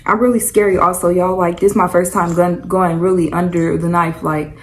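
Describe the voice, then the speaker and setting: A woman's voice: lowish voice, fairly even intonation, moderate pace, slight background noise, poor audio. Chatty young woman telling a story. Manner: rambling, loose and chatty, full of "like" and "y'all". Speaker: vlogger. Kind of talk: casual storytime chat.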